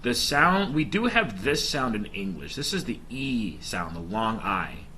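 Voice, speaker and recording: Bright-toned man explaining his study plan. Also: medium pitch, big pitch swings, a little slow, slight background noise. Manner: chatty, talks viewers through his plan with filler ums. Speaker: language learner vlogger. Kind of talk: casual explanatory vlog.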